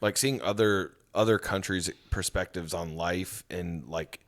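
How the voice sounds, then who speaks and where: Young male co-host, lowish voice, swears casually, animated storyteller. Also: a little slow. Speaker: podcast co-host. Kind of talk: casual chat.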